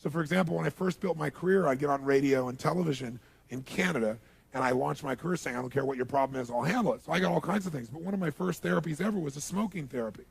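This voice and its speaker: A middle-aged man giving a motivational seminar talk, telling stories in an animated way and asking the audience questions. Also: on the high side, fast. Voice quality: gravelly, husky voice. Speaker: motivational speaker.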